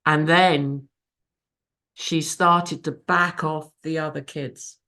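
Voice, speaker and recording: A middle-aged woman with a lowish voice tells her recovery story at a fellowship meeting. She is candid and emotional and swears freely. She speaks over a video call. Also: steady tone, takes it slowly, gravelly, pushed and bright. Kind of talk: personal recovery share.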